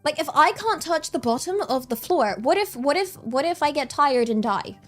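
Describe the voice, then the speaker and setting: Giggly high-voiced young woman streamer. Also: moderate pace, faint music behind. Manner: giggly, rambling, repeats words, easily excited. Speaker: vtuber streamer. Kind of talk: casual stream chat.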